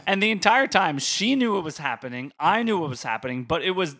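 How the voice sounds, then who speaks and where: A man's voice: high-pitched, fairly quick. A young man, animatedly telling a story in casual podcast chat and laughing along. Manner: animated, laughs through his own story.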